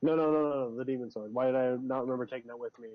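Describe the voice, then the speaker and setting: A man's voice: medium pitch, steady tone, very fast. A man playing his character in a tabletop game, joking and often restarting his sentences. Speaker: player. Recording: dull lo-fi sound.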